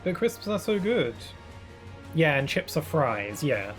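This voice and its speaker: A man's voice: fairly high pitch, big pitch swings, slow, faint music behind. A man with a British accent, a gaming streamer, musing casually with rambling fillers while he plays.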